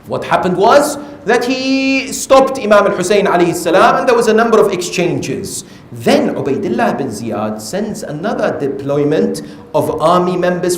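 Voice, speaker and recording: Man preaching a lively sermon with echo. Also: high voice, slight background noise. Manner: emphatic storytelling, acting out quoted figures. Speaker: sheikh preaching. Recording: echoey hall.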